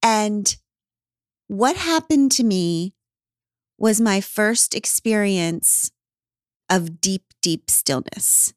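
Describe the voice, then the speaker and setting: A woman in a relaxed podcast conversation, telling a personal story with candid humor and the odd swear. Her voice sits at an ordinary middle pitch. She is recorded close up, with a dry, unroomy sound. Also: very slow, long pauses, no room sound. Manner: candid, swears, acts out her own past lines. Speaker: podcast guest. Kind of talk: casual storytelling chat.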